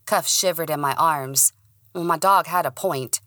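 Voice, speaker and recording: Woman reading a first person audiobook, expressive, lowish voice but bright and sharp, dry close sound. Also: normal speed, dry recording. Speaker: audiobook narrator.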